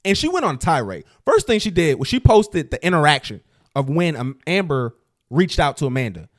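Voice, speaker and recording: A man's voice: fairly high pitch, very animated, brisk. A man co-hosting a casual gossip podcast who tells stories in slang and laughs often. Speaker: podcast co-host.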